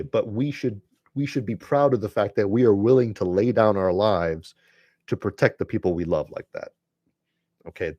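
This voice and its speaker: A man's voice: fairly low pitch, a little mellow, dry recording. A man hosting a live stream, giving an earnest, preachy monologue that repeats phrases for emphasis and speaks bluntly to his listeners. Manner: addresses listeners directly and bluntly. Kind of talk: impassioned monologue to viewers.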